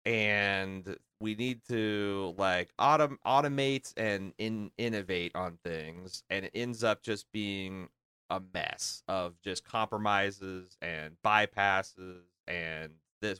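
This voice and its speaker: Male podcast co-host, bright crisp voice, lowish pitch, eager rambler, dry close mic. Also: slow, no room sound. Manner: enthusiastic, rambling with many fillers and restarts. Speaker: podcast co-host discussing a film. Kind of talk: casual chat.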